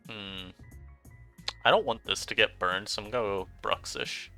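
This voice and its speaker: A man giving chatty, animated commentary over his own gameplay as a streamer, laughing often. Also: on the low side, moderate pace, gravelly, faint music behind. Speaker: online game streamer.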